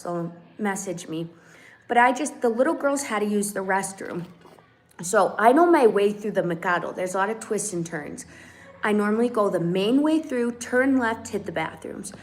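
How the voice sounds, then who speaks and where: A woman chats casually on a livestream from her home. She tells her story with energy and acts out each quoted line. Her voice sits at an ordinary middle pitch. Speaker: channel host. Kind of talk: casual live-stream chat. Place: home in Mexico.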